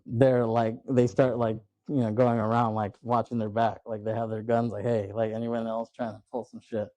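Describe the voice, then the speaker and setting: A man on a movie podcast, chatting casually and laughing as he retells scenes, putting on the characters' lines. His voice is mellow and dark, recorded dry and close with no room sound. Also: mid-range voice, flat delivery, moderate pace, dry recording. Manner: loose retelling, acts out quotes, laughs often. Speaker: podcast host.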